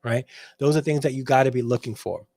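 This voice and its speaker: A man's voice: medium pitch, steady tone, quick pace, darkish tone, dry recording. A man hosting a livestream, giving preachy dating advice with emphatic restarts and frequent checks with his audience. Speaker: host.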